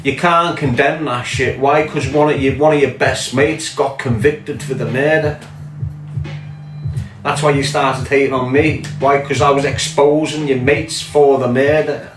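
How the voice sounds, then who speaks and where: A man's voice: medium pitch, steady tone, measured pace, roomy sound, over music, low-quality recording. A man with a Scouse accent, ranting angrily in a monologue and swearing as he fires off pointed questions. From Liverpool, England. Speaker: podcast host. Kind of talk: impassioned monologue.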